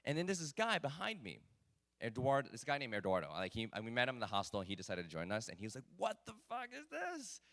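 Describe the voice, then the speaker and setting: A man telling a personal story at a live talk event, animated and self-mocking with lots of fillers. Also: fairly low pitch, very fast.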